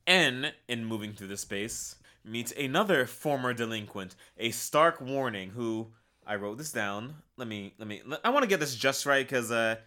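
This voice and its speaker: Sardonic tipsy man, bright voice. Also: mid-range voice. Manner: sardonic, swears freely. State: tipsy from drinking. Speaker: podcast co-host. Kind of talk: casual review chat.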